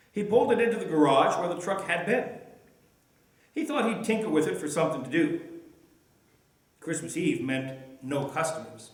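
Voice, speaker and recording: A male pastor gently and steadily telling a story as part of a sermon message. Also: a little high. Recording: echoey room.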